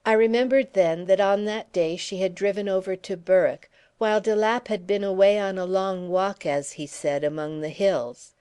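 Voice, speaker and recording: A woman's voice: medium pitch, moderate pace, few pauses, smooth. Woman narrating a classic novel. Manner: steady first-person storytelling. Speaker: audiobook narrator. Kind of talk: scripted narration.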